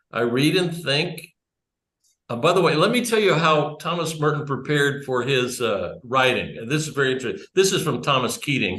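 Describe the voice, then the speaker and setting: A man's voice: medium pitch, pushed and bright. Man, pastor, rambling, self-correcting, roomy echo. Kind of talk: conversational church talk. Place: church room with small audience.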